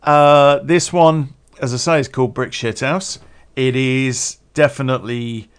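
A man's voice: mid-range voice, fairly even intonation, measured pace, clear, resonant tone. Rambling man hosting a podcast. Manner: rambling, chuckles often, swears casually. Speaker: podcast host. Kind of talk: casual solo podcast chat.

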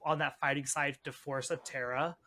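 A man's voice: mid-range voice, fairly even intonation, normal speed, sharp tone, a little hiss or hum. A man co-hosting a podcast, chatting casually about game strategy and dropping joking asides. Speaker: podcast co-host.

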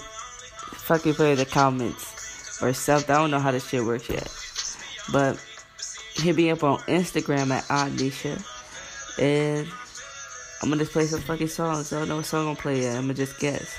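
A woman's voice: sits low, fairly even intonation, normal speed, over music. A young woman hosting a casual podcast, rambling through a story with heavy slang and swearing while she acts out what people said. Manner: rambling, profane and slangy, acting out quotes. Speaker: podcast host.

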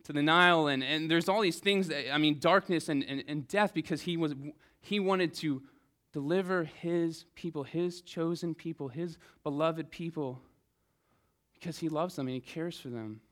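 A man's voice: fairly high pitch, normal speed, a bit bright. A man preaching a Sunday sermon, reading scripture and then talking it through in an earnest, conversational way with frequent restarts.

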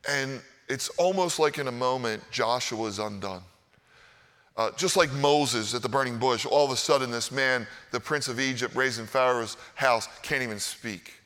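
A male pastor delivers a sermon in an animated, conversational way, often turning to the congregation for agreement. His voice is bright and a little high. The sound carries a long reverb, as if from a large hall. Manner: animated, conversational, keeps asking "right?".

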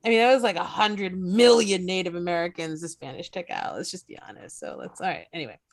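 A woman's voice: on the low side, lively intonation, fast talker, gravelly, no room sound. A woman co-hosting a podcast in casual chat, blunt and joking with wry asides. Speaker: podcast co-host.

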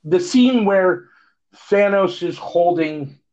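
Talking slowly in a high, animated voice with a darkish tone, a man co-hosts a podcast by phone, rambling casually through lots of fillers and restarts. The audio is dull lo-fi phone quality.

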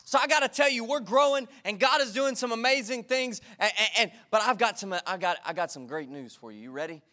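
A man preaching a sermon in a church, energetic and repetitive, calling for responses from the congregation. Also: high-pitched, a little fast. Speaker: pastor. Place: church sanctuary.

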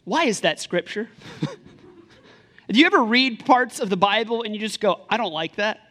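A man in his thirties, a pastor preaching a sermon in a lively, conversational way, full of rhetorical questions. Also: sits high, moderate pace.

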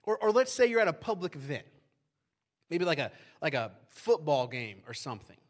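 A pastor, a man with a fairly high voice, gives a live sermon. He talks in a loose, conversational way and keeps asking the people in front of him "right?". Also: sing-song, moderate pace.

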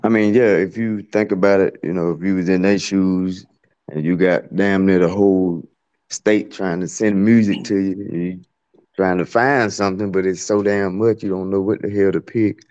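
Deep laid-back male producer, muffled. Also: steady tone, normal speed, darkish tone, smooth. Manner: laid-back, slangy, loose. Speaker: guest music producer. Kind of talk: casual interview talk.

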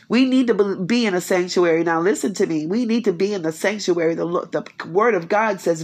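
A woman giving a spiritual encouragement talk at home, emphatic and repetitive, full of rhetorical questions. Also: mid-range voice. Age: 50s. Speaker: faith speaker. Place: quiet home.

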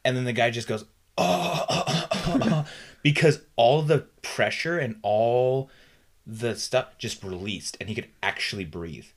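A man's voice: medium pitch, unhurried. A man co-hosting a podcast, telling stories in a rambling way with many fillers and restarts. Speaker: podcast co-host. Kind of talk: casual chat.

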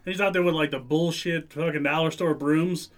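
A man in his twenties telling a rowdy, profane story in casual chat, acting out loud quotes. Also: on the high side, steady tone, a little fast. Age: 20s. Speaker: podcast co-host.

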